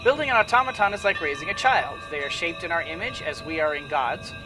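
A man voicing a serene, menacing nun who speaks calmly and portentously. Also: on the high side, fast, natural voice. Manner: calm, portentous delivery. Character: serene, menacing woman nun, devout and calm. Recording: distant mic with music behind.

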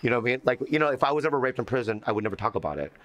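A man with an even, mid-range voice talking earnestly. He stumbles and repeats words as he works through a painful memory. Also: mid-range voice, racing, dull audio, slight background noise. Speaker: comedian. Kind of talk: documentary interview.

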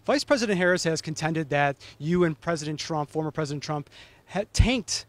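A male news reporter asking pointed interview questions in a brisk manner. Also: fairly high pitch, expressive.

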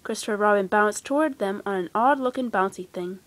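A woman gently and expressively reading a children's storybook aloud. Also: medium pitch, brisk, no echo. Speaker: storybook reader.

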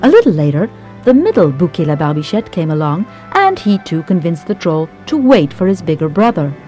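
A woman reading a scripted travel documentary narration in a measured storytelling manner. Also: sits low, big pitch swings, dark tone, faint music behind.

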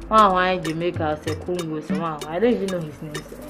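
A woman with a Ghanaian accent playing a friend who scolds and then soothes, repeating calming words. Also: on the low side, quick pace, natural voice. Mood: soothing. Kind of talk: film acting in Twi and English. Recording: echoey hall with loud music.

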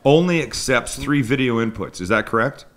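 A Canadian man hosting a live cooking stream. He chats loosely and pokes fun at himself, with a mid-pitched voice and plenty of restarts as he reads and riffs. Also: animated, brisk, a bit bright. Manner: chatty, self-deprecating, rambling with restarts. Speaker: cooking show host. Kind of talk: casual live-stream chat. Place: home kitchen studio with crew.

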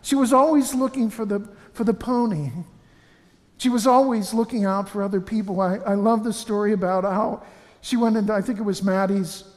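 Earnest homilist, man, high voice, storytelling with restarts, long church reverb. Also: steady tone, normal speed. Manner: earnest, anecdotal, frequent restarts. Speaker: funeral homilist.

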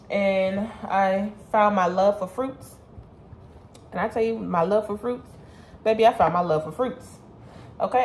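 A woman's voice: medium pitch, darkish tone, echoey room, slight background noise. A woman vlogger chatting casually to her viewers, calling them y'all and baby. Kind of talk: casual chat to camera.

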